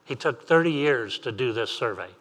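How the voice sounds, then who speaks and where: A man's voice: medium pitch, lively intonation, normal speed, a bit bright, slightly rough. A man preaching an earnest sermon as pastor, repeating phrases and asking rising questions.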